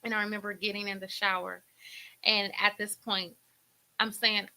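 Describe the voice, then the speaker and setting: A middle-aged woman hosts a faith talk show, her voice very bright and sharp. She tells a painful personal story in an emotional, preacherly way, circling back and repeating words as she speaks. The delivery is that of a heartfelt testimony to listeners. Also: mid-range voice, flat delivery, moderate pace, rough recording.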